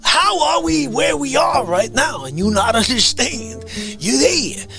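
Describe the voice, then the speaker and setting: A man hosting a live stream, ranting comically at his chat, swinging between shouting and hushed asides. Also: very high-pitched, big pitch swings, measured pace, gravelly, over music. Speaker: livestream host. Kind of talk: comedic live-stream rant.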